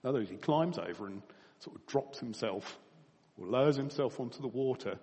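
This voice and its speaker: A man preaching a sermon, telling a story with lively rises and soft, quiet drops, chuckling now and then between points. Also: mid-range voice, fairly quick. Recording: long hall reverb.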